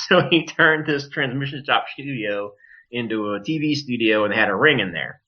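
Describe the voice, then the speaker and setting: Animated man telling a wrestling story. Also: medium pitch, moderate pace. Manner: animated, profane, acts out quoted voices. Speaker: wrestler, podcast guest. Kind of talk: casual storytelling. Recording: dull lo-fi podcast audio.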